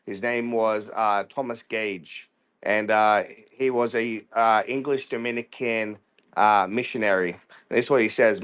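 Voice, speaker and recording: A man's voice: fairly low pitch, fairly even intonation, a little slow, fairly bright tone, smooth. Insistent male caller arguing his point. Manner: insistent, quotes sources. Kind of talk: debating caller.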